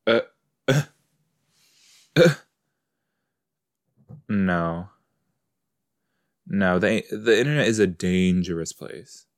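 A low-pitched man speaks in an unhurried, drawn-out way while giving casual commentary on an episode as he watches it. He is a podcast host who talks back at the characters on screen in a loose, chatty manner. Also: animated.

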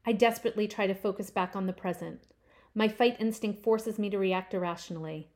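A woman reading her own first-person short story aloud, with expressive swells on key phrases. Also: medium pitch, a little fast.

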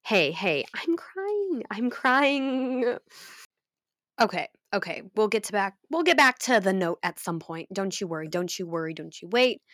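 A young woman chatting casually and reading fan fiction aloud, excitable and swearing, with dramatic outbursts. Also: on the low side, a little fast, hardly any pauses, dry recording, studio quality.

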